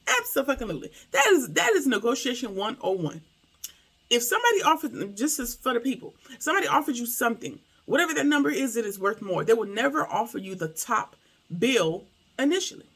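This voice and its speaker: A woman's voice: fairly high pitch, sing-song, fairly quick, a bit bright, breathy edge. A woman giving a casual, slangy episode recap and review, animatedly acting out the characters' lines.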